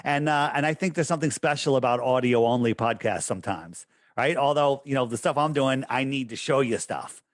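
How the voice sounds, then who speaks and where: Brisk and mid-range in voice, this podcast guest is captured on a dry recording. His casual interview talk rambles and loses focus before he turns emphatic and preachy about his points.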